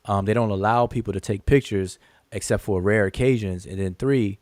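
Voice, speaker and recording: A man's voice: lowish voice, steady tone, moderate pace, a little mellow, no room sound. A man walking viewers through tomb photos on screen, talking emphatically, counting aloud and often repeating himself. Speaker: channel host teaching hieroglyphs. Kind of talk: screen-share lesson with rebuttal.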